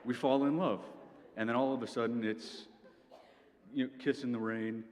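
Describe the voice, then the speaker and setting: A young man does stand-up at a university venue, his dry, lecture-style delivery punctuated by "okay?" asides. He speaks at medium pitch and normal speed with a darkish tone. The audio carries long hall reverb and faint ambience.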